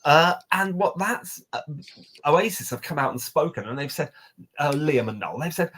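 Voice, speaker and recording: Podcast co-host, man, husky, animated ranting delivery, pitch swinging widely. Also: normal speed. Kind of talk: casual podcast rant.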